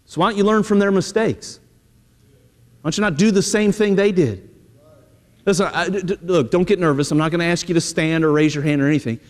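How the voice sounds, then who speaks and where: A man's voice: high-pitched, brisk. A middle-aged male pastor preaching a sermon in a conversational, direct way to his congregation in a church. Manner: conversational preaching, repeating "hey" and direct address. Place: church sanctuary. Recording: long reverb of a church hall.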